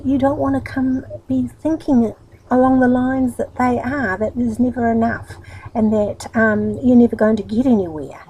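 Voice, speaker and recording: A woman's voice: on the high side, warm tone, breathy edge, rough recording. A woman with a New Zealand accent talking in a chatty, rambling, upbeat way in a casual motivational vlog. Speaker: vlogger.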